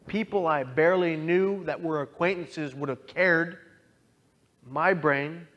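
A young man earnestly telling his own story as a talk, moving from quiet to impassioned. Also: a little high, a little slow, muffled recording. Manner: earnest, swings from hushed to impassioned. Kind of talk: personal testimony talk.

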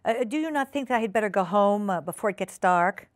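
A woman's voice: medium pitch, expressive, fast, no echo, clean studio sound, close to an everyday voice. A woman voicing a fretful, flustered lady dog in a storybook reading, sighing and stammering.

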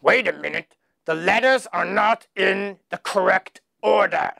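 A man teaching children their letters, slowly sounding out each one with exaggerated emphasis. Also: high-pitched, vocal fry, sharp tone, no room sound, clean studio sound. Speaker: English teacher. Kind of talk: children's phonics lesson.

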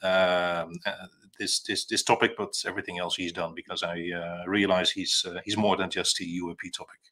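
A man in his thirties from the Netherlands with a Dutch accent, a cargo pilot speaking as a guest on a video call, halting and full of fillers and restarts. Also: deep voice, level tone, pushed and bright. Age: 30s. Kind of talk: casual interview talk.

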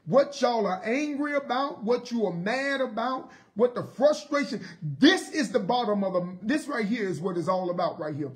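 Bible study preacher, lively rising and falling delivery, emphatic repetition, mid pitch. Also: normal speed, few pauses. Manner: emphatic, with rhetorical questions and repetition.

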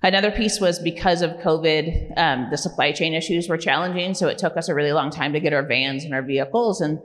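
A woman's voice: low voice, a little fast. A woman directing a program, giving an informal, conversational presentation at a community meeting, with frequent ums and tag questions. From California. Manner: conversational, many fillers like "um" and "right?". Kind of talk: informal presentation to a public audience. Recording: long reverb of a meeting hall.

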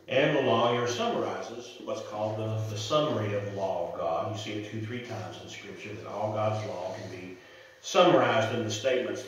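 A man's voice: on the low side, lively intonation, fairly quick, a little hiss or hum. A man preaching a sermon as pastor, reading scripture and telling stories in a conversational way. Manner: storytelling, conversational. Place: church sanctuary. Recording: echoey church, mic from far off.

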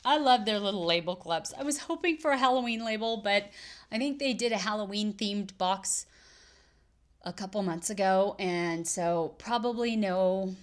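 A woman's voice: mid-range voice, normal speed. Chatty woman rambling about her crafts. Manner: chatty, rambling, self-correcting. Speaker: cross stitch vlogger. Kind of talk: casual chat.

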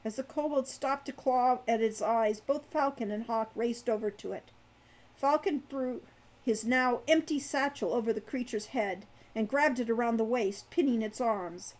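A woman reading her own young adult fantasy novel aloud in a lively storytelling way. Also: on the high side, moderate pace. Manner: animated narration.

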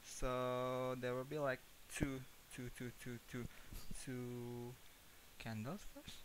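A man's voice: medium pitch, steady tone, slow, noisy background. A man with an Indonesian accent playing a horror game, jumpy and nervous, repeating himself in panic and laughing it off. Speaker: gaming YouTuber. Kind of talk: horror game let's-play.

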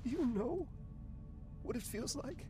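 An actor playing a bitter, desperate male scientist in a game, shifting between quiet and intense lines. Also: very high-pitched, expressive, slow, exaggerated voice. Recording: game audio over music.

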